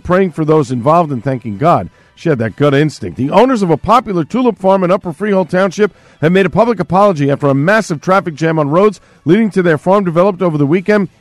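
A man reading local news on the radio in a steady, crisp broadcast delivery. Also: fairly high pitch, no echo. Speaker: radio co-host and news anchor. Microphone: studio microphone.

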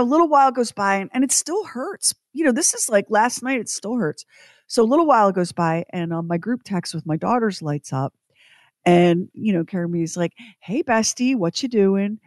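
A woman's voice: fairly high pitch, lively intonation, moderate pace, no room sound, clean studio sound. A middle-aged woman co-hosting a radio show, casually telling a story and acting out quotes in exaggerated voices with self-mocking humor.

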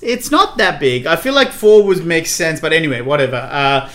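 Brief: man, podcast co-host, lively anecdote teller, slightly high voice, cracks up laughing. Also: normal speed. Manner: animated, swears, laughs hard at own stories. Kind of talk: casual storytelling chat.

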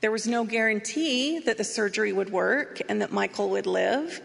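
A woman giving an earnest, measured personal testimony as she tells her story. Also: mid-range voice, gravelly, in a large hall. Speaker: speaker sharing a personal story.

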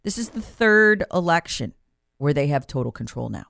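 A woman's voice: sits low, very animated, normal speed, vocal fry, a bit bright, dry recording, clean studio sound. Emphatic woman in sarcastic commentary. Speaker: talk radio host. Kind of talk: political commentary monologue.

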